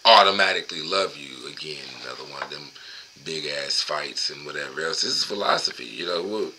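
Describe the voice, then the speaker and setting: A man's voice: very deep voice, fairly quick, sharp tone, slight background noise, poor audio. A man hosting a solo show, reading a book aloud and breaking off into profane, rambling, emphatic rants in a casual monologue.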